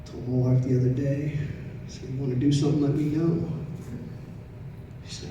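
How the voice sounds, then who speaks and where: Middle-aged comedian, echoey room. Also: male voice, mid-range voice, flat delivery, normal speed, lo-fi sound. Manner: conversational storytelling, swings from loud punchlines to quiet asides. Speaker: stand-up comedian. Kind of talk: stand-up comedy set. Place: comedy club stage. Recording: echoey room, distant mic, audible noise.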